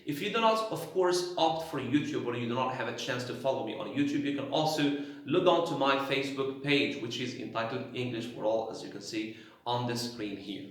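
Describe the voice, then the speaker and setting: A man teaching an English grammar lesson, explaining slowly and repeating key phrases for emphasis. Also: medium pitch, heavy reverb.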